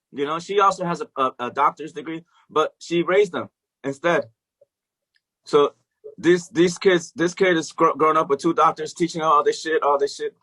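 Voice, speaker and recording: Middle-aged guy on a podcast, punchy forceful voice, swears a lot, laughs at his own stories. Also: fairly high pitch, normal speed. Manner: animated, profane, laughs often. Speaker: interview guest, music educator. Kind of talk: casual storytelling interview.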